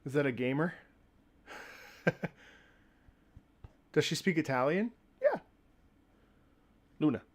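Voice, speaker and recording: A man's voice: fairly high pitch, sing-song, slow pace, long pauses, no room sound. A man hosting a live music listening stream, chatting casually and animatedly, laughing often between fillers, from his home setup.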